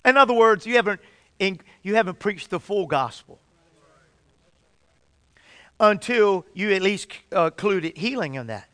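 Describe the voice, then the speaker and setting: A man preaching a sermon with fervent emphasis. He often restarts and repeats phrases, and he draws out key words slowly. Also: sits high, expressive, a bit bright, no room sound.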